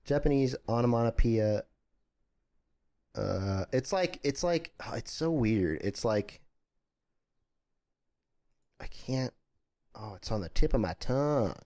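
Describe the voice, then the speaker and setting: A man co-hosting a casual comedy podcast, teasing his friend with deadpan insults. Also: mid-range voice, slow pace, long pauses. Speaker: podcast co-host.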